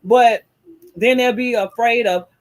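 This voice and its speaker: A woman's voice: a little high, a little slow. A woman hosting a tarot talk show, speaking bluntly and emphatically in casual slangy chat.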